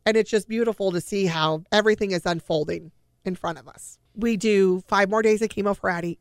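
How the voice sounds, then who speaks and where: A middle-aged woman tells a personal family story, slipping into the voices of the people she quotes. Her voice has a gravelly, fry-edged texture at an ordinary pitch. The sound is dry and close, with no room echo. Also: brisk. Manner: emotional retelling with acted-out quoted dialogue.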